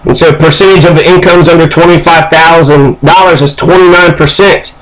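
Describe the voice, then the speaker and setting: Brief: man with a slightly raised pitch, hesitant, casual news-commentary delivery, full of fillers. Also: fairly even intonation, fairly quick, a bit bright, low-quality recording. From Kentucky. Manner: reads news passages aloud, then rambles through his reactions; hesitant, with frequent ums and uhs.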